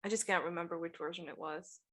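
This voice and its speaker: A woman's voice: fairly low pitch, steady tone, quick pace, a bit bright. Rambling, easygoing woman podcast co-host. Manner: loose and rambling, trails off mid-thought. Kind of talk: casual chat.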